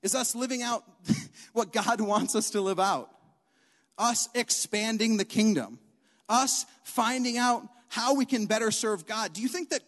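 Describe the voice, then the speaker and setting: High-voiced young preacher in a reverberant hall. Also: male voice. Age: young adult. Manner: animated, emphatic, repeats key lines. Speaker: youth preacher. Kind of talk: sermon.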